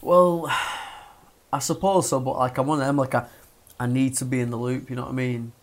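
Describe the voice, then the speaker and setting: A young man, telling a story in casual chat, sweary and animated. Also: mid-range voice, normal speed. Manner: sweary, animated, acts out voices in his stories.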